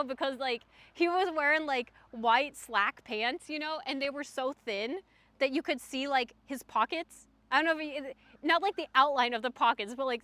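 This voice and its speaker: A young woman livestreamer telling a story in casual chat, animated and full of fillers. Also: high voice, dry recording. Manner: chatty, animated, frequent "like" fillers.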